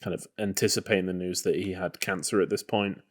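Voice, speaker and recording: A man's voice: low-pitched, fairly even intonation, a little fast. A man co-hosting a podcast, talking casually about a film in a loose, hedging way. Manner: loose and hedging, full of "you know" and "kind of". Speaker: podcast co-host.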